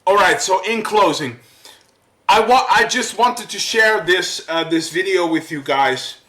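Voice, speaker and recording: A man ranting to camera as a vlogger, worked up and halting, repeating his words as he goes. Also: sits high, lively intonation, bright, forceful tone, echoey room, low-quality recording. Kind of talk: angry rant to camera.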